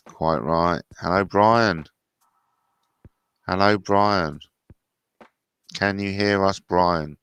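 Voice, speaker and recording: Gravelly low-voiced man chatting. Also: no echo. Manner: chatty, blunt banter with swearing. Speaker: livestream host. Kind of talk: casual livestream chat.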